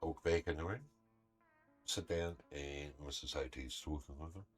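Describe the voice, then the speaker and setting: A man's voice: rumbling low, normal speed, faint music behind. A man, a gaming streamer casually telling a story in a blunt, swearing, heated way. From New Zealand.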